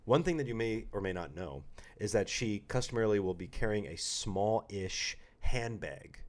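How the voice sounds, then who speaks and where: Rambling low-voiced man chatting. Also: expressive, moderate pace. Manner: rambling, jokey, puts on quoted voices. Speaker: podcast co-host. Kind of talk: casual chat.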